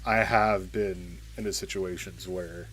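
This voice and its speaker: A low-voiced man talks to his stream in halting, candid bursts, his voice choked with tears. He pauses, restarts, and pushes through each thought. Faint music sits beneath him. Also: steady tone, a bit bright. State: tearful, choked up. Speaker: streamer playing a game. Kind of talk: casual let's-play commentary.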